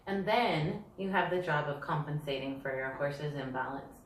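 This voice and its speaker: A woman's voice: deep voice, fairly even intonation, normal speed. A woman teaching dressage riding, demonstrating the moves herself on a yoga ball as she explains them. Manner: practical, demonstrates while talking. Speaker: dressage instructor. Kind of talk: instructional demonstration. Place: indoors, sitting on a yoga ball. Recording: roomy, distant mic, faint hiss.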